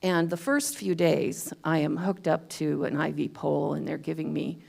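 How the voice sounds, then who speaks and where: A woman's voice: deep voice, moderate pace, gravelly, darkish tone, slightly rough. A woman giving a talk at a spiritual center, telling a personal story in a chatty way with self-deprecating humor. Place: church hall.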